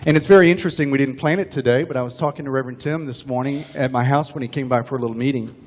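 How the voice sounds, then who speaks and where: A man from Texas preaching a sermon as pastor, with animated, emphatic storytelling. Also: medium pitch, racing. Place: church sanctuary. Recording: dull recording with long church reverb.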